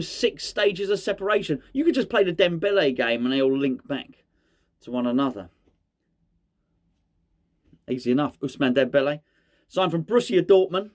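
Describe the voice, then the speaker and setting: Rambling, jokey man. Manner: rambling, jokey, pitch jumps when excited. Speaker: fan channel host. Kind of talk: casual football chat.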